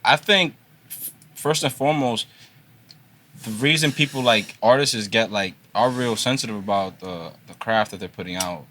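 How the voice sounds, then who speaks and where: A man's voice: lowish voice, normal speed, sharp tone, slight background noise. A young man co-hosting a casual podcast, talking in slang and often restarting his phrases. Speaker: podcast co-host.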